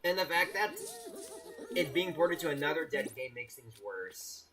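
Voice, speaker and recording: A man's voice: fairly high pitch, lively intonation, normal speed. A young man streaming a game live, chatting casually and teasing his viewers. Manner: playful, teasing, restarts often, laughs at chat.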